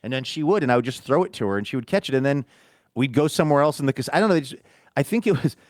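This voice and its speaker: A man's voice: medium pitch, lively intonation, very fast, a little mellow, dry recording. Rambling man telling a story, dry mic. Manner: rambling storyteller, self-amused. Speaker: podcast co-host. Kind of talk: casual chat.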